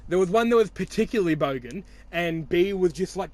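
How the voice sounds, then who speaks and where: A young man with an Australian accent and a high-pitched voice rambles through a casual podcast chat. He teases his friends and swears freely, trailing off and restarting as he talks. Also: expressive, a little fast, darkish tone, slight background noise. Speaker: podcast host.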